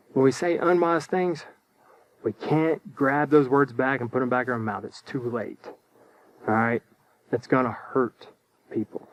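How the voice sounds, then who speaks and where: Male children's church teacher, a bit high-pitched, upbeat and simple, close dry sound. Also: no echo. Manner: upbeat, speaks slowly and simply to kids, repeats words.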